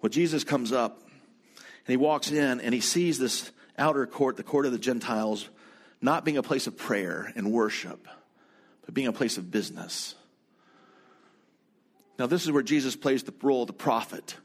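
A man's voice: mid-range voice, moderate pace, long pauses. A man preaching a sermon as a pastor, telling a travel story in a conversational way and turning to speak directly to his congregation in the room.

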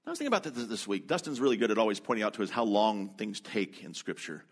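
A man preaching a sermon in a relaxed, conversational storytelling way, with quick asides. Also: fairly low pitch. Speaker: pastor.

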